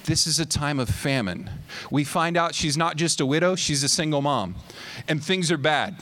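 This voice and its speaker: A young male preacher with a high, bright-sounding voice delivers a lively sermon. He tells the story with energy, acting out each quote and climbing to loud, near-shouted climaxes. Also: moderate pace.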